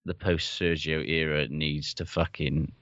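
A man with a very deep voice trades opinions on sport in a blunt, cursing, no-nonsense way. The recording is dull and lo-fi, with a dry, close sound. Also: level tone, unhurried, fairly bright tone, no room sound. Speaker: podcast co-host. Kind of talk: casual sports chat.

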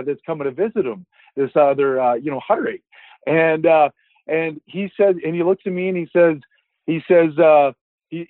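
A man's voice: on the high side, no room sound. Guy rambling thru a faith story, acts out the voices, dry tinny phone sound. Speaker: Christian evangelist sharing a healing testimony. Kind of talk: casual spoken testimony.

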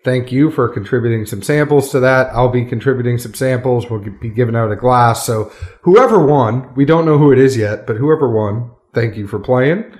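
A man's voice: medium pitch, moderate pace, darkish tone. A man hosting a casual podcast from a friend's home, upbeat and chatty, laughing often into a studio mic. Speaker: podcast host. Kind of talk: casual chat. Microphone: studio microphone.

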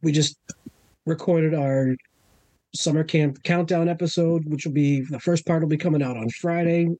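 A man's voice: a little high, fairly even intonation, normal speed, dark tone, no echo. A man guesting on a podcast, chatting casually in an easygoing, self-deprecating way and often repeating himself. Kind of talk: casual chat.

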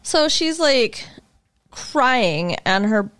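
A woman co-hosting a podcast recaps a TV episode in loose, casual chat, swearing freely. Her voice sits fairly high and swoops up and down with lively, animated inflection. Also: extremely slow, smooth. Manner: animated, profane, conversational. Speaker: podcast co-host.

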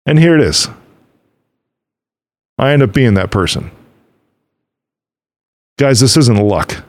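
Animated man telling motivational stories. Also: medium pitch, slow, no echo. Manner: storytelling, quotes others and himself; casual, swears now and then. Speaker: podcast host. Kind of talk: motivational monologue.

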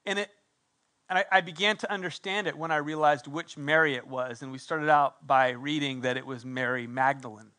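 A middle-aged pastor's sermon moves briskly, full of fervent conviction. His high, ringing voice swings between loud, insistent proclamations and a hushed, close tone that draws listeners in, with its brightness giving each emphatic point a sharp, carrying edge.

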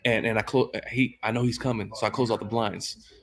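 A man as a podcast guest, telling loud, animated stories in casual chat. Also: fairly low pitch, brisk.

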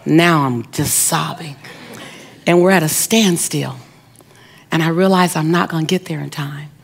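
A woman's voice: deep voice, gravelly, slightly rough. A middle-aged woman giving an inspirational speech, telling a personal story with emphatic repetition and speaking straight to her audience. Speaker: motivational speaker.

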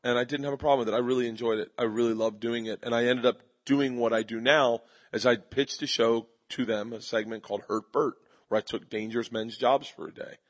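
A husky man spins animated comedy stories as an interview guest. He jumps into quick impressions of the people in his tales, with a slightly breathy edge to his voice. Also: mid-range voice. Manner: animated storyteller doing quick voices of others. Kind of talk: storytelling interview. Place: live audience at a comedy festival.

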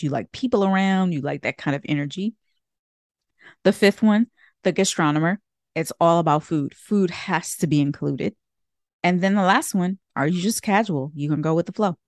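A woman's voice: fairly low pitch, dry recording, studio quality. Chatty woman hosting a podcast. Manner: chatty, laughs often, asks questions. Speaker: podcast host. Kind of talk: casual podcast chat.

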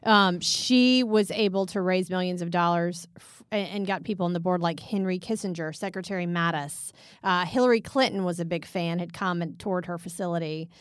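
Animated woman podcast co-host storytelling. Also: on the low side, moderate pace, smooth, dry recording, studio quality. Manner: animated storyteller, acts out quotes. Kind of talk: casual chat.

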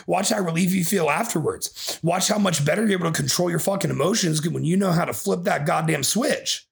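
A man's voice: a little high, fairly quick, gravelly. A man hosting a podcast as a bodybuilding coach, ranting in an aggressive, profane way and swearing constantly.

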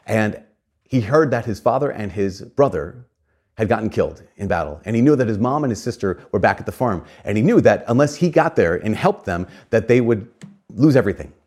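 Preaching with earnest animation, this man tells a story, tosses in offhand asides, and frequently restarts or repeats his phrases. He has a lowish voice and talks fairly quickly.

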